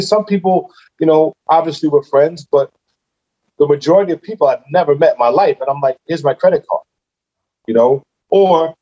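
A man guest talks through a story in relaxed conversation, his voice sitting a little high. He gets animated and acts out his own reactions as he goes. The recording sounds somewhat dull and muffled. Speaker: podcast guest, businessman.

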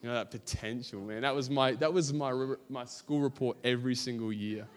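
A man's voice: medium pitch, steady tone, brisk, long reverb tail. A young man with an Australian accent, giving a casual, rambling sermon full of fillers and self-deprecating stories. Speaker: preacher.

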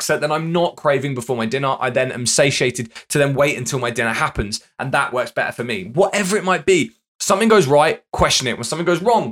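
Fast-talking male fitness coach. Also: a little high. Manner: energetic, emphatic, repeats questions to drive points home. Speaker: fitness coach and podcast host. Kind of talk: solo podcast monologue.

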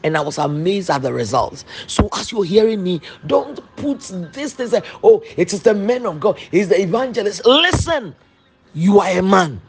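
A woman preaching a sermon with fervent, repetitive declarations that rise into shouts. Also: mid-range voice, animated, normal speed, husky.

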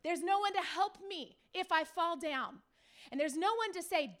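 Very high-voiced woman pastor preaching. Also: a little slow. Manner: lively storytelling, acts out quoted people; speaks to the audience directly with questions. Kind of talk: sermon.

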